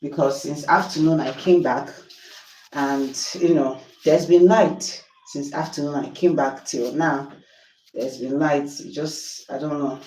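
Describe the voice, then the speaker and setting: A woman's voice: low voice, fairly even intonation, measured pace, a little mellow, echoey room, recorded from a distance, slight background noise, poor audio. A Nigerian woman chatting on a livestream while cooking at home, exasperated and apologetic. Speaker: livestream host. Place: home kitchen.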